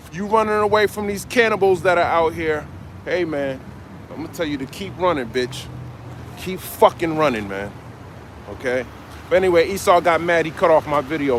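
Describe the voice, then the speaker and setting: A street preacher delivers a fiery open-air sermon at an urban marketplace, urging passersby and ending his lines with "man." His voice sits high for a man with a fairly bright tone, and faint traffic noise is audible behind him.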